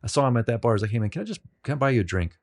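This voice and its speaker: A man being interviewed on a podcast, telling rambling, self-deprecating stories with many halting restarts. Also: mid-range voice, animated, a little mellow. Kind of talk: casual storytelling.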